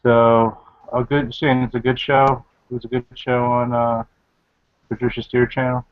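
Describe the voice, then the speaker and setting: Man, relaxed joker in a group chat, mid voice, lo-fi audio. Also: medium pitch, normal speed. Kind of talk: casual group video chat. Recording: lo-fi online call audio.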